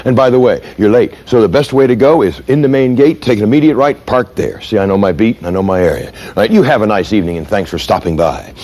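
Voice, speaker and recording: A man's voice: lowish voice, expressive, fast talker, hardly any pauses, darkish tone. A man voicing a male police officer who gives a driver directions in a clipped, matter-of-fact way. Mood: helpful. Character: male police officer, curt or polite on duty.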